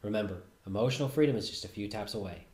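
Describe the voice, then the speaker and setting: A man with a fairly low voice gives a calm, reflective self-help talk. His phrases trail off softly at the ends. The sound is roomy and echoey. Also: fast talker. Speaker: host. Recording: roomy echo.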